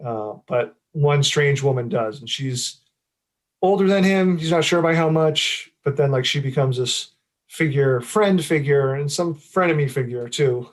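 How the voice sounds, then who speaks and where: Chatty middle-aged man, rambling. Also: mid-range voice. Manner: rambling, many fillers and restarts, laughs often. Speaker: author. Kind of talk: casual interview chat.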